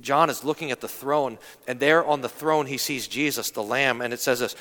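A male pastor preaching an earnest sermon, telling a story and slowing down to go soft on key lines. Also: mid-range voice, in a large hall. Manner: earnest storytelling, drops to slow and soft for emphasis.

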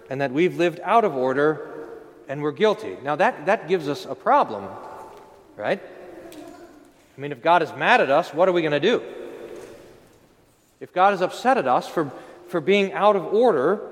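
A man preaching a sermon as pastor in a church, animated and rising to emphatic declarations. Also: a little high. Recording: long reverb of a church hall.

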